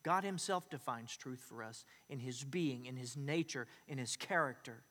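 A man preaching a sermon as a pastor, swinging between emphatic loud declarations and hushed, quiet asides. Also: medium pitch, normal speed, in a large hall.

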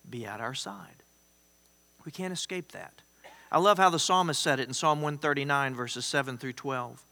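A man's voice: fairly high pitch, expressive, a little slow, pushed and bright, long reverb tail. A man pastor preaching a conversational sermon, emphatic, with rising exclamations.

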